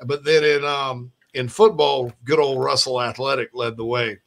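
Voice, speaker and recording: A man hosting a sports podcast, chatting casually in a rambling, animated way with frequent restarts. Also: mid-range voice, moderate pace, creaky.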